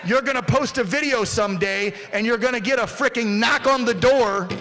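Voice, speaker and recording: Brash, high-voiced man firing up a crowd. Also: normal speed, fairly bright tone, a little hiss or hum. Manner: brash, profane, joking asides. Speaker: event warm-up speaker. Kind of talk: rally hype speech.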